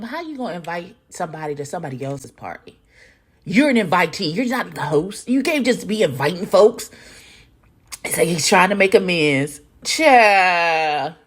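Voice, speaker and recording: A woman, commenting loudly and profanely as she reacts to a reality show. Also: mid-range voice, normal speed. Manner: loud, profane, animated, talks back at the screen. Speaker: reaction video host.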